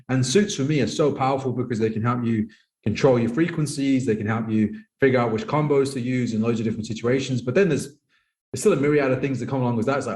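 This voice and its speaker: A man's voice: mid-range voice, a little mellow. A man, a poker coach speaking as a podcast guest in casual conversation, acting out other people's lines as quotes. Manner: fast-talking, acts out others' lines in quoted voices. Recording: roomy echo.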